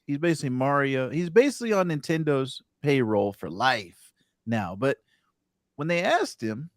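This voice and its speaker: A man's voice: mid-range voice, no room sound, studio quality. A man hosting a casual gaming podcast, reading out news items and asking his co-hosts for their views. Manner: animated, reads news items aloud. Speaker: podcast host.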